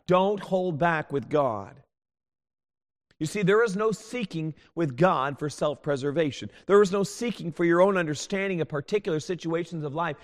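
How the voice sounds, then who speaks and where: A man preaching a sermon as a pastor, earnest and pleading, swinging from loud appeals to hushed tones. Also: sits high, normal speed. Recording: long hall reverb.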